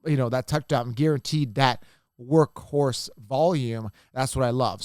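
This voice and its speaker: Male podcast host, smooth clear voice, animated casual delivery, dry close recording. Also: medium pitch, fairly quick, dry recording. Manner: animated, repeats points, addresses viewers as guys. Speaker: fantasy football podcast host. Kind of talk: casual solo commentary.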